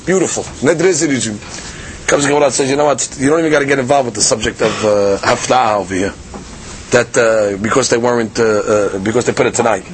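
A man giving a daily Talmud lesson, explaining in a lively conversational way with many fillers and restarts. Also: medium pitch, quick pace, slight background noise. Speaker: Talmud teacher.

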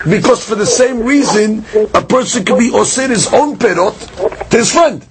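A man giving a Talmud study lecture, explaining with questions and answers and shifting his pitch and pace for emphasis. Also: moderate pace, noisy background. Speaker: Talmud teacher.

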